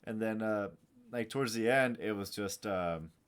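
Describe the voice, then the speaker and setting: A man with a low voice hosts a relaxed podcast chat. He tells loose, profane stories that wander and restart as he goes. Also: moderate pace, smooth. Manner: loose, profane, rambling storytelling. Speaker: podcast host, fellow veteran. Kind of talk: casual interview chat.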